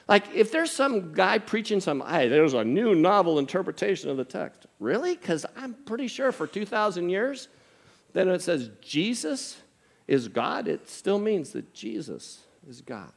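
A man preaching a sermon, telling a humorous story and reading scripture aloud in an animated, conversational way. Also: high voice, creaky. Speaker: pastor.

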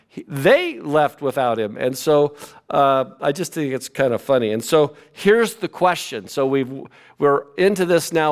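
A male pastor preaching a sermon in a relaxed, joking, conversational way with frequent fillers. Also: a little high, a little slow.

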